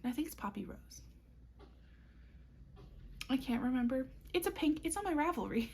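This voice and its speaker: A woman's voice: high-pitched, lively intonation, moderate pace, darkish tone, slight background noise. A young woman talking casually to camera as a knitting vlogger, upbeat and chatty with frequent ums and little laughs. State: has the hiccups. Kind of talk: casual chat.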